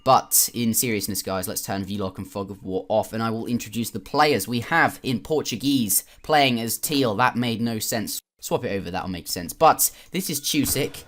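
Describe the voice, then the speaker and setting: A British man talks through a strategy game replay in a loose, chatty way. He drifts into jokes and side stories and swears now and then. His voice sits a little low. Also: moderate pace, few pauses, fairly bright tone. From Britain. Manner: chatty, rambling, joking asides, swears. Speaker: video game commentator. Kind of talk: casual gameplay commentary.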